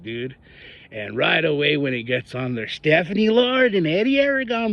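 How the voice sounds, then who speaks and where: A man's voice: sits high, very animated, normal speed, dry recording, lo-fi sound. A man from northern New Mexico giving an angry personal monologue about local politics, ranting and mocking the people he talks about. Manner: heated, ranting, mocking voices of others.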